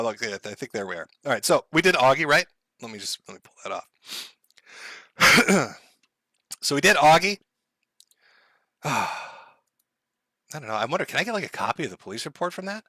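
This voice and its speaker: A man's voice: on the high side, bright, forceful tone, dry recording, clean studio sound. A man streaming live in casual chat, sarcastic and profane, laughing often as he talks to his chat.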